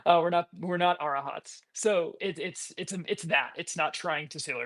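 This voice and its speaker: A man co-hosting a roundtable podcast, talking in a quick, digressive way and often checking in with "right?". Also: fairly high pitch, lively intonation, creaky, fairly bright tone. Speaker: podcast co-host. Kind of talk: casual roundtable discussion.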